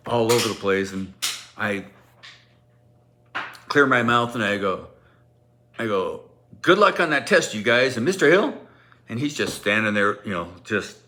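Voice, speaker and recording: A male teacher with a fairly low voice tells a funny anecdote in a casual, animated way. He laughs often and acts out the kids' voices.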